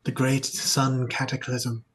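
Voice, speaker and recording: A man's voice: medium pitch, monotone, slow pace, a bit bright, husky, rough recording. A man voicing a veiled, zealous male cult envoy who speaks with solemn, devout formality.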